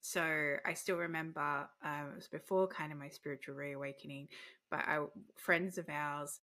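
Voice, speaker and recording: A woman's voice: low voice, fairly even intonation, moderate pace, pushed and bright. A woman hosting a conversational interview, reflective and affirming, telling stories. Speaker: podcast host.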